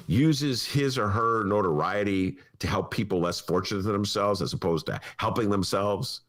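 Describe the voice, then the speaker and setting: A male talk show host in casual political chat, rambling and animated, laughing often. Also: fairly low pitch.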